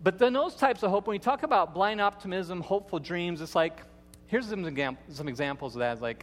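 Man, lead pastor, sermon, folksy storytelling, high voice, long church reverb. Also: animated, fairly quick, faint music behind. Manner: folksy storytelling, playful with kids. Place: church sanctuary.

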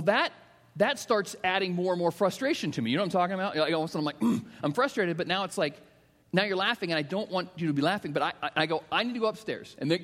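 A middle-aged male pastor preaching a sermon, telling stories that swing from hushed to emphatic. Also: fairly high pitch. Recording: long reverb of a large hall.

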